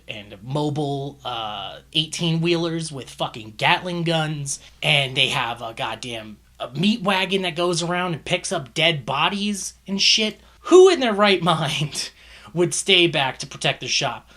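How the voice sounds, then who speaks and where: A man's voice: fairly high pitch, sharp tone. A man giving a casual, profane movie review, exasperated and ranting, swearing often.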